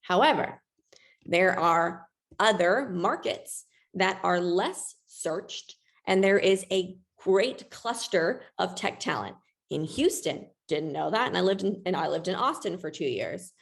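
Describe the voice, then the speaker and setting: A woman's voice: lowish voice, expressive, a little slow, creaky. A woman presenting a webinar in a chatty, self-deprecating way, with a ready laugh.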